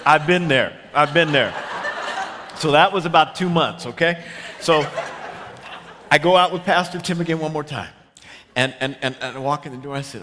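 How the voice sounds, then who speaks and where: A man preaching and telling a comic story about his marriage, animated and shouting his punchlines, acting out both sides of the conversation. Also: fairly high pitch, brisk. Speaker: pastor. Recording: large hall reverb with clear ambient noise.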